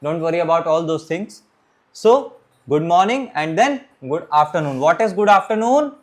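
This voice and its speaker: A man teaching a beginners' French class, talking his students through the lesson and often pausing to say "okay, my friends". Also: on the high side, expressive. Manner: repeats "okay, my friends", restarts and pauses while writing. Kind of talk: classroom lecture.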